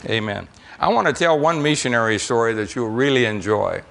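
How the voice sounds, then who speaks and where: There's slight background noise as this older American man, sounding animated, creaky and a bit bright, speaks a little fast in a mid-range voice. He's giving a church testimony, rambling folksily through missionary stories with frequent fillers and repetitions.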